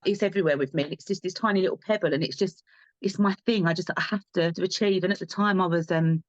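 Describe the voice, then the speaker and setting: Fast-talking earnest woman guest. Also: on the low side, no echo, muffled recording. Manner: earnest, driven, repeats herself for emphasis. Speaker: podcast guest. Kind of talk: candid interview talk.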